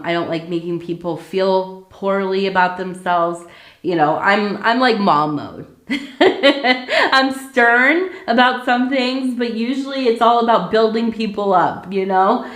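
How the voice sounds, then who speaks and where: A woman's voice: mid-range voice, a little slow, reverberant. A woman doing a casual ASMR tea leaf reading, talking in a chatty way with many fillers and asides.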